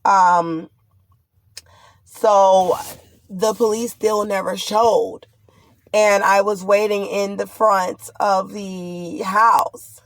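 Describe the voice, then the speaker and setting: A woman's voice: medium pitch, steady tone, extremely slow, no echo. A pregnant woman recounts a frightening ordeal in an urgent, rambling, fearful way. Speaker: vlogger. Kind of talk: distressed personal account to camera.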